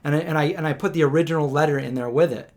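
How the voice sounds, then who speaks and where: A man hosting a live question-and-answer stream, telling a family story in an animated, conversational way with frequent restarts and fillers. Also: rapid-fire. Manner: animated storyteller, acts out quotes with raised pitch.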